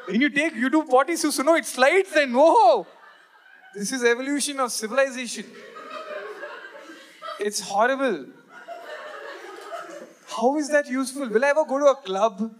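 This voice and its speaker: A young man from India performing stand-up comedy, animated and jokey, acting out quick bits of dialogue. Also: extremely high pitch, a little hiss or hum. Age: 20s. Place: live comedy venue with audience.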